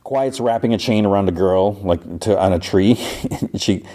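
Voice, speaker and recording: A man hosting a podcast, casually recapping an episode in a loose, rapid way, quoting characters as he goes. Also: on the low side, warm tone. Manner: rapid retelling with "he's like" quotes, loose restarts. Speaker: podcast host.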